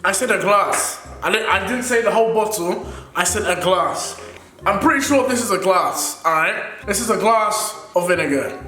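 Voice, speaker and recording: A man's voice: sits high, expressive, moderate pace, pushed and bright, soft background music. A young man vlogging a food challenge, groaning and exclaiming dramatically. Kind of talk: casual challenge vlog. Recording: echoey room.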